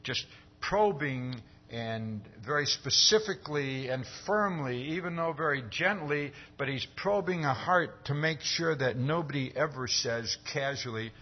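A man preaching a conversational sermon, often pausing to ask "See?" and raising his voice as he acts out quoted dialogue. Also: medium pitch, slightly rough, dull audio. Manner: conversational, keeps asking "See?".

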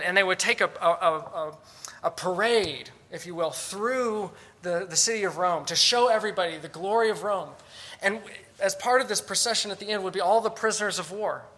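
Bright, high-voiced male preacher. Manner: earnest, emphatic, with rhetorical questions. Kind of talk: sermon.

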